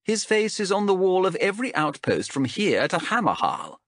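A man's voice: sits high, wildly swooping pitch, moderate pace, fairly bright tone, no room sound, studio quality, voice pushed up, exaggerated voice. A male narrator voicing a shrewd, mocking female elf captain in a raised, sardonic voice. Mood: probing. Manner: sardonic, wheedling, menacing. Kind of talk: audiobook character voice.

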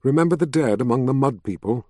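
A man reading aloud and voicing a grave young woman of authority who speaks quietly. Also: medium pitch, lively intonation, quick pace, no room sound, studio quality, natural voice. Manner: quiet and grave, sometimes whispering.

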